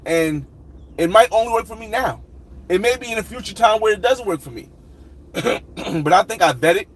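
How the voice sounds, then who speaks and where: Man, livestream host, husky voice, pitched high, loose rambling talk. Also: rough recording. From United States. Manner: loose, rambling, greets viewers by name with loud shout-outs. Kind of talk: casual livestream talk, reading chat comments.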